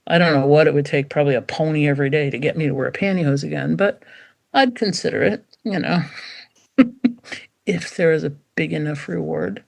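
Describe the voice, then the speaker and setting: Speaking a little fast in a deep voice with vocal fry, a middle-aged dog trainer chats animatedly in a casual interview. She playfully performs what dogs might be thinking.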